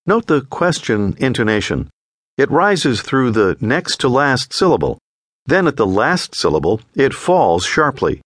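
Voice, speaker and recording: A man narrating a language course in a clear, patient, scripted teaching voice. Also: medium pitch, very animated, measured pace, fairly bright tone, no room sound, studio quality. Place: recording studio.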